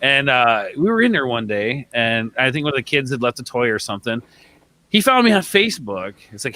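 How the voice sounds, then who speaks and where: A man's voice: mid-range voice, very animated, brisk, pushed and bright, low-quality recording. A man in his thirties co-hosting a casual podcast, rambling along with lots of fillers and calling people man and bro. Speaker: podcast co-host.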